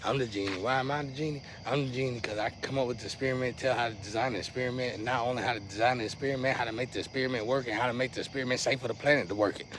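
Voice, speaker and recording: A man's voice: mid-range voice, fairly even intonation, very fast, hardly any pauses, noisy background. A man giving a casual, rambling monologue to his viewers in loose slang. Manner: rambling, slangy, restless swings in loudness. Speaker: vlogger.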